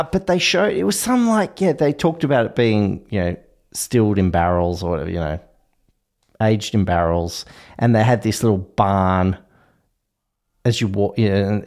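A man's voice: lowish voice, darkish tone. A man hosting a casual podcast chat, playful and a bit hesitant, with trailing fillers. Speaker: podcast host.

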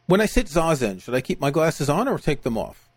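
A man's voice: on the high side, brisk. A man hosting a podcast, reading listener questions and prompting his guest in an easygoing way. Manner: relaxed, prompting, small restarts. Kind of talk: casual podcast chat. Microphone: video call.

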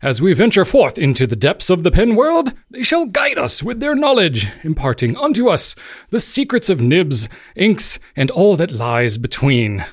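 A man's voice: fairly high pitch, big pitch swings, normal speed, voice pushed up. Guy doing a pompous old-timey herald in a wobbly fake british accent, swoops up and down. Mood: grandiose. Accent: put-on British. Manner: grand, archaic, stumbling. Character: pompous Shakespearean herald man.

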